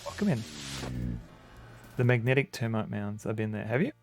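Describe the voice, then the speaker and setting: A man's voice: fairly low pitch, animated, normal speed, darkish tone, soft background music. A man streaming an old computer game, rambling casually, chuckling and greeting chat.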